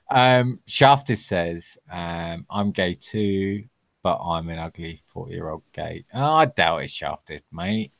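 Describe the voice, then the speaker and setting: A very low-voiced man hosting a relaxed livestream Q&A over a video call. He talks loosely, swears freely and laughs a lot, tacking "mate" onto his sentences. The sound is dry, with no room around it. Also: slow pace, gravelly, no room sound. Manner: laid-back, sweary, laughs a lot, calls people mate. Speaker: host. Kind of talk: casual livestream Q&A.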